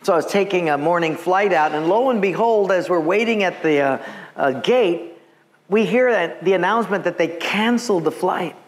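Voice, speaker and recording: A man from Hawaii, a pastor, preaching with lively storytelling and acted-out voices. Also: high voice, normal speed. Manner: animated, acts out voices, laughs at himself. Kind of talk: sermon with storytelling. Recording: long church reverb, faint background noise.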